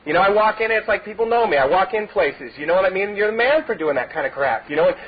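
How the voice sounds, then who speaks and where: A middle-aged man with a high, husky voice tells his own story at a recovery meeting, rambling through it with a steady stream of "you know" fillers. The recording is dull and lo-fi, like an old tape. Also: quick pace. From Southern California. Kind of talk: personal testimony talk. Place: meeting hall.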